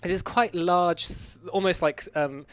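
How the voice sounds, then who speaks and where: A man's voice: high-pitched, a little slow. A young man running a tabletop game as game master, describing scenes in a rambling way with many fillers.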